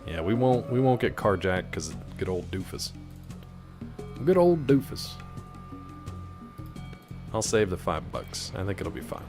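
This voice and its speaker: A man's voice: sits low, expressive, measured pace, pauses often, over music. A man casually commenting while playing a game, rambling through a story with lots of fillers. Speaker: gaming streamer. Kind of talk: casual let's-play commentary.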